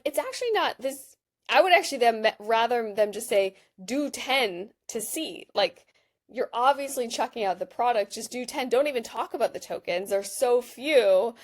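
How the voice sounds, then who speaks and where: A woman in her thirties giving a chatty, animated product walkthrough while she clicks through an app, with lots of "like" fillers. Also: fairly high pitch. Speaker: behavioral design researcher. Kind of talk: screen-share product walkthrough.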